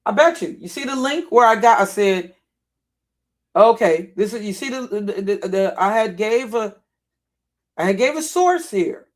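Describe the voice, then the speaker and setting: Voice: medium pitch, expressive, unhurried. A live streamer in casual, off-the-cuff commentary, talking through what's on the screen. The speech circles back on itself with repeated words and restarts. There is a rising exasperated edge throughout. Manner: thinks aloud, repeats and restarts phrases, grows agitated.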